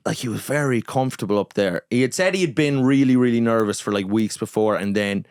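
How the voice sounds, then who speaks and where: A young adult Irish man, a comedian guest, telling a story in casual chat, animated and profane, acting out quotes. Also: mid-range voice, brisk, clean tone, no room sound. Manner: animated, swearing, acting out quotes in his anecdotes.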